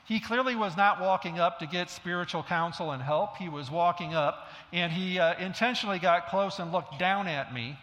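A man's voice: high-pitched, normal speed, hardly any pauses, sharp tone. A middle-aged male pastor preaching a sermon, telling stories in a conversational way with self-deprecating humor. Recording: long hall reverb.

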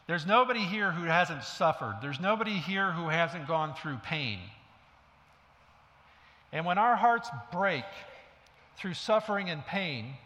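A man's voice: on the high side, a bit bright. A middle-aged male pastor preaching a sermon, telling stories in a conversational way with self-deprecating humor. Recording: long hall reverb.

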